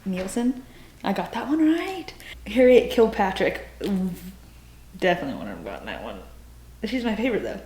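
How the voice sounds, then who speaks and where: A woman's voice: mid-range voice, slight background noise. Rambling young woman chatting about books. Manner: rambling, self-mocking, lots of fillers and restarts. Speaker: book vlogger. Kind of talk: casual reading vlog chat.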